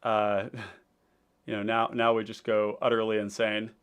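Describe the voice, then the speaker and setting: A man's voice: fairly low pitch, monotone, a little slow, fairly bright tone, smooth. A man hosting a casual livestream about building a card game deck, talking loosely with many fillers and restarts as he reads viewer comments aloud.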